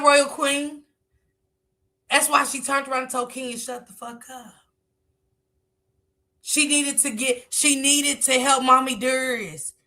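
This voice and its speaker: A woman streaming casual commentary, with a bright, forceful voice that sits fairly high. She is animated and keeps talking back at what she watches. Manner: animated, talks back at the footage, laughs. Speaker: livestream commentator.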